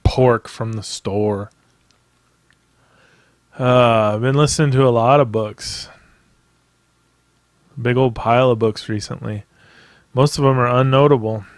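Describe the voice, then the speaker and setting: A man's voice: mid-range voice, moderate pace, long pauses, no room sound, studio quality. A man hosting a podcast by himself, ranting in a casual, rambling way with plenty of profanity and emphatic asides. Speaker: podcast host. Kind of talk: casual solo podcast rant.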